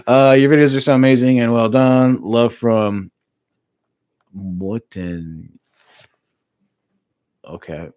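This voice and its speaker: An American man casually chatting with his live-stream viewers, relaxed and laughing easily, with plenty of filler words. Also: low voice, a little slow, long pauses, dry recording. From United States. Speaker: streamer reading live chat.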